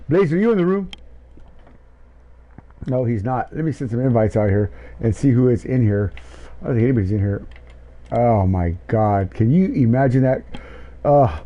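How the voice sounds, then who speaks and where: A man commentating a sim race and interviewing drivers, shouting in excitement, then rambling. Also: mid-range voice, measured pace, long pauses, dull audio.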